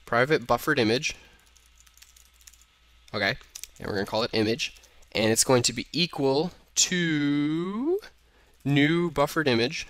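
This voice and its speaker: A man's voice: mid-range voice, a little slow, pauses often, fairly bright tone, no echo. A young man casually talking through code in a programming tutorial, thinking aloud and correcting himself as he types. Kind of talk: screen-recorded coding tutorial. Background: keyboard typing.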